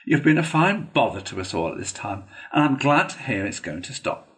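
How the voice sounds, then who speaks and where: A bright-spirited water rat , voiced by a male storyteller, speaks in a brisk, hearty manner. The lines are lively and friendly in tone, from a storybook reading. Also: medium pitch, voice pushed up.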